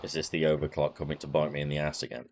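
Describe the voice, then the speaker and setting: A man's voice: very deep voice, monotone, rapid-fire, darkish tone, slight background noise. A man casually commenting on a retro adventure game, wry and self-mocking. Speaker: let's-play host.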